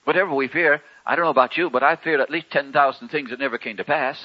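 A man preaching a sermon in a folksy, conversational way, with wry humor and sharp swings between loud and soft. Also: medium pitch, quick pace, lo-fi sound.

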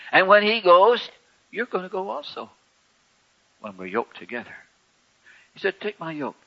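A man preaching a sermon in a folksy, conversational way, with wry humor and sharp swings between loud and soft. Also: high-pitched, big pitch swings, measured pace, gravelly, highs cut off.

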